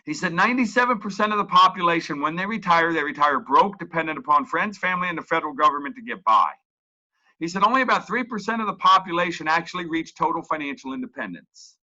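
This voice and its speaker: A man's voice: fairly high pitch, lively intonation, quick pace, pushed and bright, muffled recording. A man presenting a webinar as a coach, talking in a folksy, emphatic way and repeating his key points. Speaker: real estate coach.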